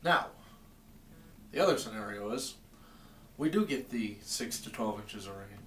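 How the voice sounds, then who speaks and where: A man's voice: fairly low pitch, animated, unhurried, roomy sound, far from the mic, a little hiss or hum. A man from Maine rambling in a wry, exasperated rant to his camera from his basement. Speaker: vlogger. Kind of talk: comedic rant vlog. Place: home basement.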